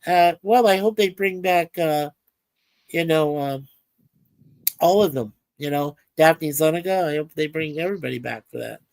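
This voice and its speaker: A woman with a slightly low voice co-hosts a livestream in a relaxed, chatty way. She reads out viewer comments, trails into frequent filler words, and sounds close and dry. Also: moderate pace, no room sound. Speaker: livestream co-host. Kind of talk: casual chat reading viewer comments aloud.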